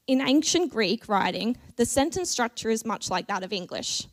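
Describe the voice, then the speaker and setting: A woman delivers a church sermon in a measured, earnest voice. Her pitch sits a little high, and she pauses deliberately between phrases. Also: animated. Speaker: preacher.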